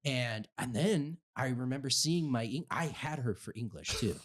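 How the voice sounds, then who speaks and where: A young man co-hosts a casual podcast and tells a long story. He rambles and swears, fills gaps with "like" and "uh", and acts out what people said. His voice sits at an ordinary middle pitch. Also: animated, moderate pace. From Utah, USA. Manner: rambling, profane, full of fillers and voiced quotes. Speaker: podcast co-host.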